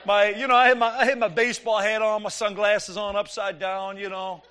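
Middle-aged guy preaching, high-ish voice, jokey animated storytelling. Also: a little fast. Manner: animated, joking storyteller acting out dialogue. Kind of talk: sermon storytelling.

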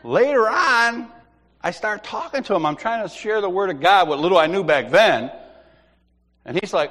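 Animated middle-aged man telling a faith story. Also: high-pitched, moderate pace. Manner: animated storyteller, laughs and repeats himself. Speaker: church member sharing a testimony. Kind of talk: personal faith testimony. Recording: long hall reverb.

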